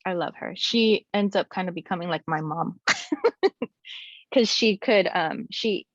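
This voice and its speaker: A young adult woman telling a personal story as a guest, in a candid and animated way with many casual fillers. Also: lowish voice, slow pace, no room sound. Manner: animated, frequent "like" and "you know" fillers. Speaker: guest sharing her story. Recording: slightly muffled, dry recording.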